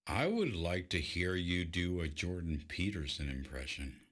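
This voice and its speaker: A man reacting on a live stream with slow, laughing comments. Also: low voice, expressive, fairly bright tone. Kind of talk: casual comedic banter.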